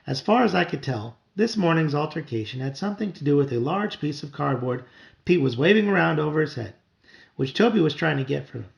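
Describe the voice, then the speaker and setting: A man reading a children's novel aloud to his child at home, with wry, expressive storytelling. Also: a little high, brisk, vocal fry, dull audio.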